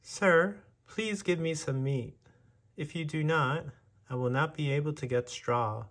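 A man's voice: on the high side, unhurried, fairly bright tone, pitched above the performer's own voice. A man voicing a timid little mouse who keeps begging for help, in a storybook reading. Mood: pleading. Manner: pleading, breathless.

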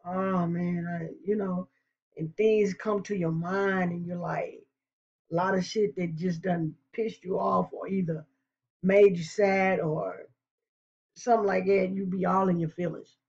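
A woman's voice: mid-range voice, a little mellow. Teasing woman reacting, lo-fi sound. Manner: teasing, quick, talking back to the clip. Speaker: reaction video host. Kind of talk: casual reaction commentary. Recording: dull, lo-fi sound.

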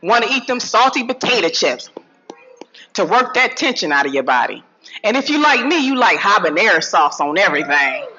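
A woman giving a lively health talk to an audience, swinging from low asides to loud calls. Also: moderate pace, a little hiss or hum. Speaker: health speaker addressing an audience. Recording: dull lo-fi sound.

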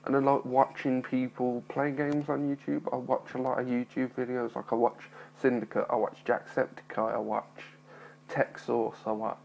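Young male vlogger, gravelly, mild speech impediment, shy and apologetic, recorded on a phone. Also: medium pitch, little pitch movement, moderate pace, a little mellow, a little hiss or hum, rough recording. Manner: nervous, apologetic, rambling with many fillers. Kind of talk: casual talking-to-camera vlog.

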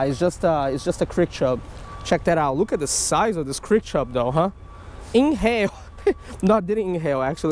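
A man vlogging outdoors while fishing a creek, chatting casually and getting excitable, swinging from hushed to yelling. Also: on the high side, slight background noise.

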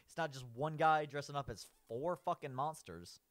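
A man's voice: fairly high pitch, animated, moderate pace, fairly bright tone. A man giving casual, rambling commentary as he rates cartoon villains. He keeps saying "like", restarts his sentences and laughs at his own points.

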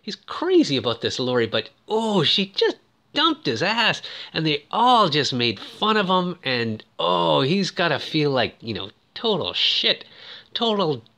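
A man's voice: on the high side, big pitch swings, a little slow, pushed and bright. A man giving a casual, joking commentary on a film, with lots of "ooh" asides. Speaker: movie recap host.

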